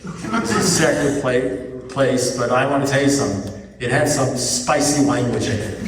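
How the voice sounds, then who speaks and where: A man's voice: medium pitch, normal speed, slight background noise. A man giving a personal recovery talk in a church hall, telling a story and acting out the dialogue. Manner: storytelling with animated quoted dialogue. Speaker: recovery meeting speaker. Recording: echoey hall from far off. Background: faint audience laughter.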